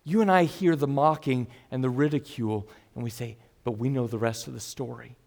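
A man preaching an expository sermon as pastor, earnest, moving between loud emphasis and hushed asides. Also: medium pitch, a little fast, gravelly.

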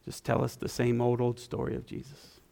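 Guy giving a sermon in church, raspy low fry, casual and humble, goes quiet for prayer. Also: monotone, moderate pace. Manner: conversational, self-deprecating, with soft prayerful passages. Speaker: guest preacher. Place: church sanctuary.

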